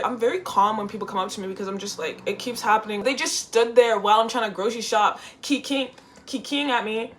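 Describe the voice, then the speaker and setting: A young woman tells a story at home in a chatty, animated way, stuffing her sentences with "like" and "y'all". Her voice sits at a middle pitch, with a faint hiss of noise under it. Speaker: vlogger. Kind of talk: casual sit-down storytime. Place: indoors at home, seated.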